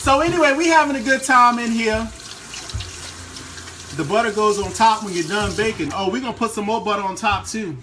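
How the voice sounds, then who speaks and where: High-voiced chatty man cooking on a live stream. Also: a little fast, bright, forceful tone, a little hiss or hum. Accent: Eastern Shore Maryland. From Eastern Shore of Maryland, USA. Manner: chatty, greets and thanks viewers by name while cooking. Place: home kitchen.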